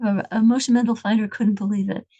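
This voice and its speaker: A woman telling a religious story in an earnest, halting way, with frequent restarts. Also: medium pitch, steady tone, warm tone, lo-fi sound.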